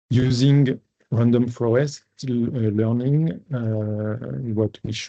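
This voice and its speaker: A man's voice: medium pitch, warm tone, no room sound. A man giving a technical webinar talk over a video call, hesitant, with many fillers and restarts. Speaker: researcher presenting at a webinar. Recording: dull lo-fi webinar audio, dry.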